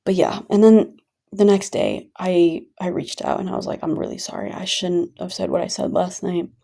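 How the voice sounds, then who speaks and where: A woman's voice: fairly low pitch, steady tone, moderate pace, vocal fry, dark tone. A woman venting in a rambling, casual monologue full of fillers and restarts. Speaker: vlogger.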